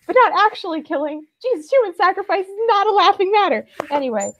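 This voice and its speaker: A woman's voice: extremely high pitch, expressive, fast, a little hiss or hum. A woman running voice auditions, talking in an effusive, giggly way over a video call. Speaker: casting director. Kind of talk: casual chat.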